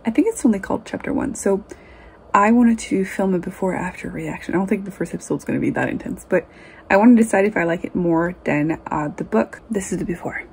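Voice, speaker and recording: A French Canadian woman talking straight to her viewers in a relaxed book vlog. Her voice has a gravelly, husky edge, and she chats and vents freely, full of fillers and little laughs. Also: medium pitch, a little fast. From Quebec, Canada. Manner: chatty and venting, with frequent laughs and fillers. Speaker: book vlogger. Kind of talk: casual vlog chat.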